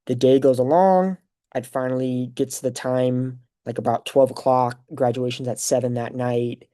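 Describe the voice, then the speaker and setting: A young man hosts a podcast, speaking at medium pitch and normal speed. He rambles through a personal story in a casual, animated way, packing it with fillers.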